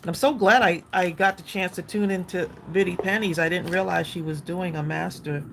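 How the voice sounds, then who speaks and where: A woman's voice: lowish voice, steady tone, normal speed, vocal fry, fairly bright tone, a little hiss or hum. A woman hosting a casual craft livestream, chatting to viewers as she works and laughing often.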